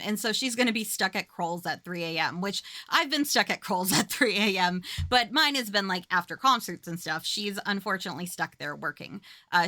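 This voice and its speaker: A woman's voice: fairly low pitch, bright, forceful tone, no room sound. A woman hosting a podcast, recapping a movie in casual chat, giggly and swearing freely with lots of fillers. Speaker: podcast host.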